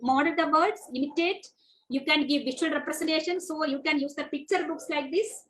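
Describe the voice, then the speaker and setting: High-voiced woman lecturing. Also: fairly quick, fairly bright tone, poor audio. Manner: earnest teaching tone with frequent fillers and restarts; demonstrates baby talk in a sing-song voice. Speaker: lecturer on child speech development. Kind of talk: webinar lecture.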